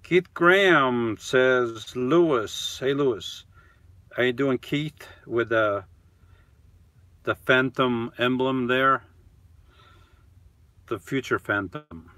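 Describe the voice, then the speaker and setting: A man chatting on a live stream from inside his camper van. He talks at an unhurried, drawn-out pace, reading out viewer comments and replying to each in a relaxed, rambling way. The sound is close and dry, with no room echo. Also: medium pitch. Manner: reads viewer comments aloud and answers them one by one; easygoing, chatty, with frequent trailing off. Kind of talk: casual live-stream chat.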